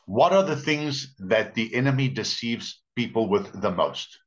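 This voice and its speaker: Pastor, sermon, expressive pitch swings, dull lo-fi church recording. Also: male voice. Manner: storytelling, emphatic with drawn-out words. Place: church service.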